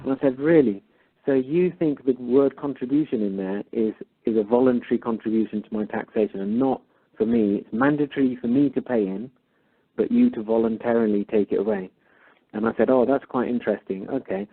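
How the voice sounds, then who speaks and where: A man calls in and tells the story of a phone call, acting out both sides as he goes. His voice is husky, and it comes through a thin, tinny phone line. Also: mid-range voice, fairly quick. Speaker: caller. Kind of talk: casual storytelling.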